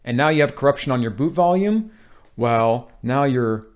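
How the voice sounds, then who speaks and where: A man's voice: medium pitch, lively intonation, normal speed. A man giving a casual, rambling tech tutorial, joking around, making little sound effects and tossing in asides. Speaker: IT tech explainer.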